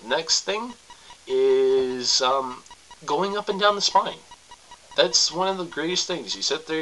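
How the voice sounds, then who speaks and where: A young man rambles through crude advice in a bright, tense voice, breaking off with coughs and laughs. The recording carries a faint background hiss. He sounds loose and unscripted. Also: medium pitch, rough recording. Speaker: vlogger giving sex tips. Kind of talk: casual to-camera advice.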